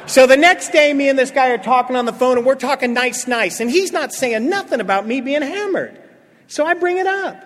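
Speaking fairly quickly, a man recounts his own recovery story to a gathered meeting with a high, animated voice. Like a born storyteller he voices other people's lines and drops from booming to hushed, and his words echo with a long reverb through the hall.

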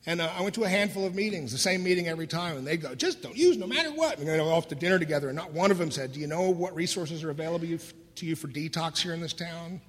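A middle-aged man candidly telling his own recovery story, wry and laughing through the dark parts. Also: on the high side, steady tone, racing, hardly any pauses. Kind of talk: personal storytelling talk. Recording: voice in a hall with long reverb.

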